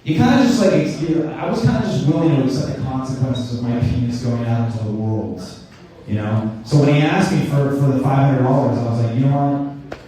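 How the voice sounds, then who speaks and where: Heard from afar through a mic in an echoey room, this young comic speaks a little fast in a warm, mid-range voice. His stand-up set meanders and pokes fun at himself, with stammering restarts along the way.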